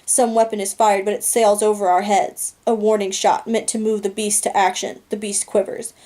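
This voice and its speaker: A woman reads a novel aloud in a calm, steady way. Her voice is mellow and dark, and her delivery is flat and even. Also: mid-range voice, normal speed. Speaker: audiobook reader.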